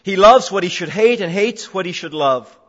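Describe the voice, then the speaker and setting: A man's voice: high-pitched, animated, moderate pace, a bit bright. A man preaching an expository sermon, emphatic, repeating phrases for stress. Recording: dull lo-fi sound in a reverberant hall.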